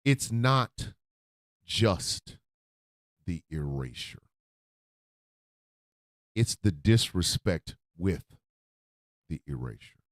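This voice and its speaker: A man hosting a radio show, talking from the heart in a profane, emotional monologue that swings into loud outbursts. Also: sits low, very animated, very slow, long pauses, no room sound, studio quality. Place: radio studio.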